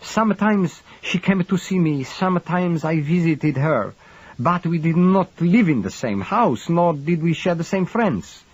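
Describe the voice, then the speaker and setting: A man's voice: fairly high pitch, animated, unhurried, a little mellow, husky, no room sound, dull audio, pitched above the performer's own voice. A man voicing a formal middle-aged foreign husband whose wife has died, speaking in stiff careful sentences that break into anguish. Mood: pleading.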